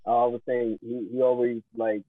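A young man co-hosting a radio interview, asking halting questions. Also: medium pitch, little pitch movement, dry recording. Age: young adult. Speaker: substitute radio co-host. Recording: thin phone-like radio sound, dry.

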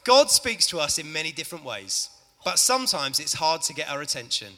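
A man narrates a Bible story to a church family audience, chatting with listeners as he goes. His voice is bright and animated, and a long church-hall reverb follows him. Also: on the high side, a little fast. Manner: lively, chatty, addresses the audience.

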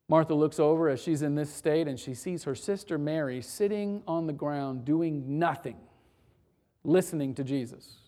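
Earnest conversational preacher, hushed to animated. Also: medium pitch. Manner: swings from hushed, intimate lines to loud, animated storytelling. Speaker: pastor. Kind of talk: sermon.

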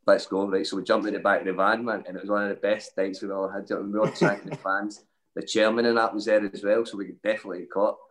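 A Scottish man with a fairly low voice tells a long, rambling anecdote in a lively way. He stacks up asides as he goes. It sounds like relaxed, casual podcast talk. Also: rough recording. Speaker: former footballer guest. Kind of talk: casual storytelling.

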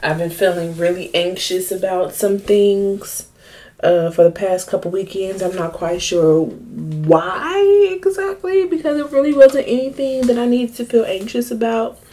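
A woman's voice: mid-range voice, expressive, measured pace, mellow, a little hiss or hum. A young woman hosting her own podcast, chatting candidly and profanely in a joking, storytelling way. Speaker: podcast host. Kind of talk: casual solo podcast chat.

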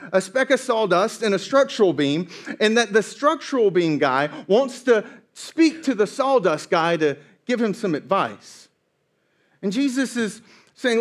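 A man preaching a sermon, telling a story with playful, animated asides. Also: high voice. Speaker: pastor.

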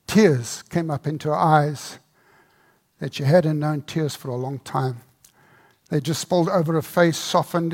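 Dramatic preacher man telling a story. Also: fairly high pitch. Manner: dramatic, drops to a hushed voice for tender moments. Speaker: pastor. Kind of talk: sermon storytelling.

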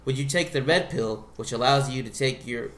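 A man hosting a casual group podcast chat, lively, laughing often and swearing casually. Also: medium pitch, normal speed. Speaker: host.

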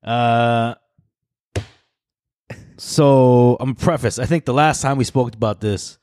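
A podcast co-host chats loosely with a friend, swearing and laughing often, with bursts of mock shouting in the banter. His mid-range voice is clear and resonant, and he takes it slowly. The recording is dry and studio quality.

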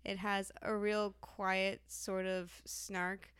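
Female co-host, very clear crisp voice, dry close mic; articulate, wry review talk. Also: mid-range voice, flat delivery, slow, a bit bright, no echo. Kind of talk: casual review chat.

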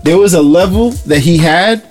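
A man's voice: high voice, moderate pace, faint music behind. A young man in casual chat, telling stories with lots of laughter and acting out other people's lines. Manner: animated storytelling, laughs often, acts out others' lines.

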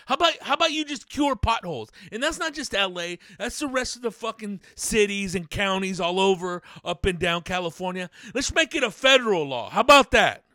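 Male ranter, high animated voice, swears heavily, stammers into shouts. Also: no room sound, clean studio sound. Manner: angry, profane, loud outbursts, repeats words. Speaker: sports rant commentator. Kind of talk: profane ranting monologue.

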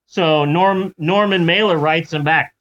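Playful slow-talking male storyteller. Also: on the high side, fairly bright tone. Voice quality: playful, jokey. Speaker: podcast host. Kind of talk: comedic storytelling. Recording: lo-fi recording.

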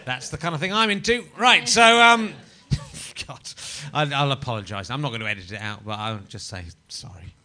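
A man's voice: mid-range voice, expressive, normal speed, few pauses, crowd noise. A man hosting a live comedy podcast, joking provocatively and laughing at his own lines. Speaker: podcast host. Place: live show venue before an audience.

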